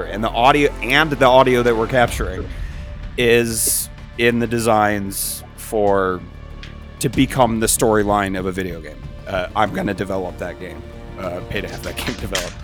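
A man's voice: on the low side, fairly bright tone. A man leading a script read-through in casual chat, rambling and cutting himself off. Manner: rambling, self-interrupting.

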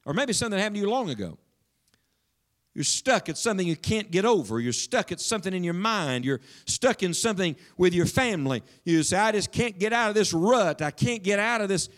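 A man preaching a sermon in a church, swinging between loud emphasis and hushed asides. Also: sits high. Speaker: pastor.

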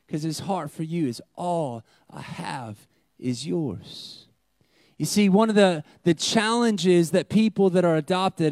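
A young man preaching a sermon as pastor, animated, swinging between loud emphasis and hushed, intimate lines. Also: high voice, no echo, clean studio sound.

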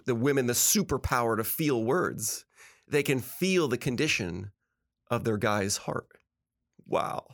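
A middle-aged man hosting a talk, giving earnest, emphatic relationship advice and laughing often. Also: medium pitch. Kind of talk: casual motivational talk.

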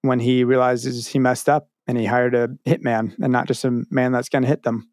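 Relaxed man, mid-pitched, joking co-host. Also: moderate pace, no room sound, studio quality. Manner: relaxed, joking, short agreeing replies. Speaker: podcast co-host. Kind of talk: casual chat about a cartoon.

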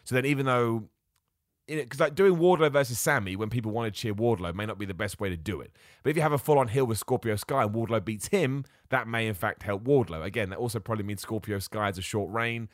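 A man hosting a solo wrestling podcast, talking in an excitable, self-mocking way and jumping between ideas. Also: on the low side, quick pace, no room sound, clean studio sound. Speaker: podcast host.

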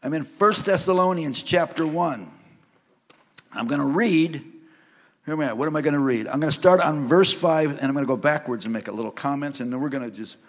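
A man preaching a sermon and sharing his testimony in a church, joking as he tells stories and rising to loud, emphatic lines. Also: a little high, brisk. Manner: animated, joking storyteller who rises to loud emphasis. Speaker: guest preacher. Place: church sanctuary. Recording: long reverb of a large church hall.

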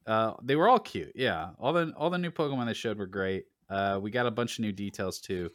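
A man hosting a casual gaming podcast, relaxed and joking, with lots of fillers. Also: fairly low pitch, a little fast, no echo, studio quality. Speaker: podcast host.

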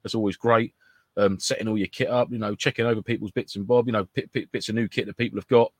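A man's voice: fairly low pitch, fairly even intonation, quick pace, dry recording. A British man co-hosting a casual podcast, rambling with lots of fillers and sound effects. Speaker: podcast co-host. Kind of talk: casual chat.

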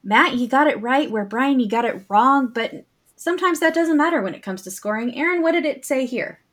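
A woman's voice: high voice, animated, brisk, fairly bright tone. A woman hosting a trivia game, reading questions aloud and playfully teasing the players.

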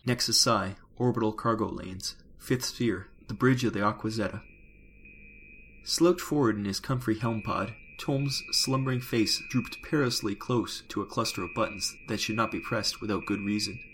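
A man reading a science fiction audiobook in a measured, descriptive way. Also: fairly low pitch, fairly bright tone, a little hiss or hum, poor audio. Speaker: narrator. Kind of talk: scripted sci-fi audiobook narration. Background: music.

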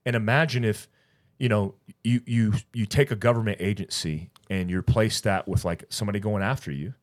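Fairly quick and fairly low-pitched, a middle-aged man co-hosting a podcast rambles through a casual story. He brings it to life by performing the other people's dialogue himself.

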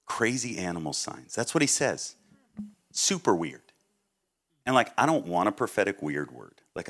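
A middle-aged man from Massachusetts, a guest preacher telling stories in a sermon, swinging between loud outbursts and quiet asides. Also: low voice. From Massachusetts, USA. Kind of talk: sermon with storytelling.

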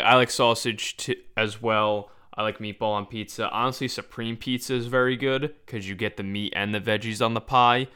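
A man's voice: mid-range voice, pushed and bright, smooth. A man hosting a casual podcast chat, easygoing and rambling as he defends his opinions. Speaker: podcast host.

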